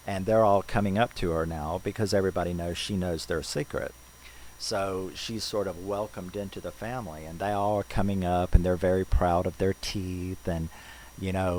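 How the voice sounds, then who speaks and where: A man's voice: low-pitched, a little hiss or hum, low-quality recording. A man recapping a horror film in a loose, rambling way, full of restarts and "you know"s. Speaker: movie reviewer.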